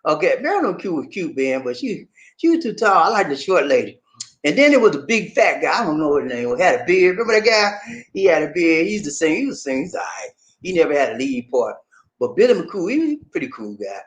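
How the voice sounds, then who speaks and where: Reading out comments on his relaxed livestream, a man laughs often and addresses viewers as "man" and "buddy." He speaks fairly quickly, his pitch jumping between low asides and high exclamations.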